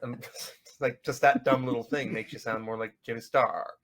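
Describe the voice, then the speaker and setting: A man's voice: mid-range voice, steady tone, fairly quick, fairly bright tone. A man co-hosting a casual podcast chat, jokey and rambling, laughing often. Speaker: podcast co-host.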